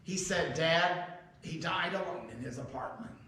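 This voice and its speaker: A man's voice: fairly high pitch, measured pace, sharp tone, slight background noise. A middle-aged male pastor telling a personal story in a sermon, in a conversational, folksy way, acting out the dialogue. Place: church sanctuary. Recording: echoey church hall, mic heard from a distance.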